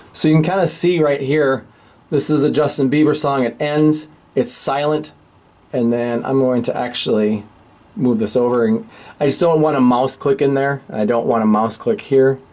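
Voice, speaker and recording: A man leads a relaxed walkthrough of how radio work is done. He talks loosely and thinks aloud, with a mid-range voice that stays plain and unforced. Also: mid-range voice. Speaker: radio teacher. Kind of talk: casual screen-share tutorial.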